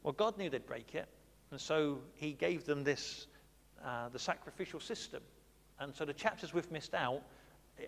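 A man's voice: fairly high pitch, in a large hall. A man preaching a Bible study sermon, talking conversationally and asking the congregation questions.

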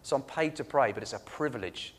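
A man preaching a sermon, telling personal stories with earnest emphasis that swings from loud to soft. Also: medium pitch, lively intonation, brisk, slightly rough, big-room sound.

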